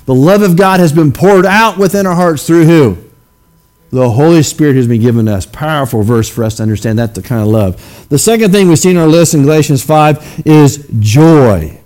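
A pastor, a man, leads a sermon in a church. His voice sits a little high for a man. He keeps it conversational, explaining words and checking in with listeners as he goes. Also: expressive, normal speed, a little mellow. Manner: conversational preaching, frequent "okay?" check-ins with the congregation. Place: church sanctuary.

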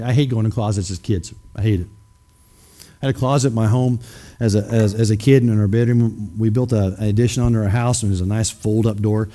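A man's voice: fairly low pitch, steady tone, fairly quick, long pauses, dark tone. A man preaching a sermon, emphatic and questioning his congregation directly. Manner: acts out skeptics in mocking voices.

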